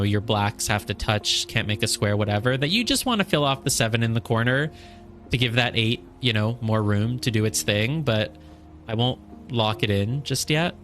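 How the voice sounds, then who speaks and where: A man's voice: medium pitch, fairly bright tone. Man thinking aloud over a puzzle game. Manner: thinks aloud, counts squares, scolds himself over mistakes. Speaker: streamer playing a puzzle game. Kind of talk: casual live gameplay commentary.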